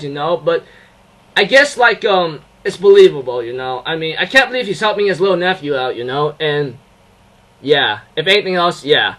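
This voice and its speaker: A young man giving a casual anime episode review, excitable and rambling, with many fillers and restarts. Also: on the high side, moderate pace, low-quality recording.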